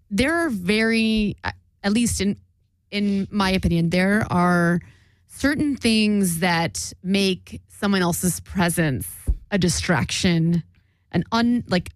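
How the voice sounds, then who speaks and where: A woman's voice: mid-range voice, no room sound. A woman in casual chat, giving firm opinions with emphasis and frequent swearing.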